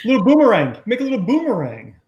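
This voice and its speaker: A man's voice: high-pitched, huge pitch swings, fast, darkish tone, muffled recording. Man host from new jersey, jokey and rambling, raised voice, echoey room. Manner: jokey and rambling, full of restarts and sound effects like "boop". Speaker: business coach hosting a training call. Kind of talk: casual group chat turning to a coaching talk. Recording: roomy echo.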